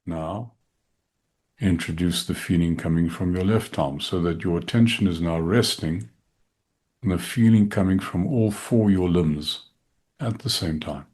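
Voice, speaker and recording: Deep-voiced middle-aged guy leading a meditation, slow and soft, calm. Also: breathy edge. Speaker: shaikh leading guided meditation. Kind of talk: guided meditation and dhikr instruction.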